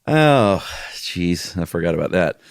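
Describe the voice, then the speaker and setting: Deep-voiced man, relaxed podcast co-host. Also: measured pace, creaky, no room sound, clean studio sound. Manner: relaxed, rambling, self-deprecating. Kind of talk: casual chat.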